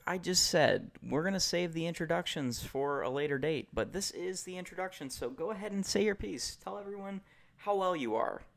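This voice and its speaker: American guy hosting a podcast on a call, gravelly, joking around with friends. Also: sits high, animated, fairly quick. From United States. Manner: teasing, joking banter. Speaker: podcast host. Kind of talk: casual chat. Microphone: video call.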